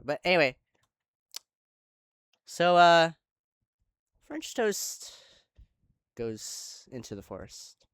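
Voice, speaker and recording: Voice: mid-range voice, fairly bright tone, smooth, no room sound, clean studio sound. A channel host casually retelling an online roleplay, rambling and correcting themselves, with chatty asides to viewers.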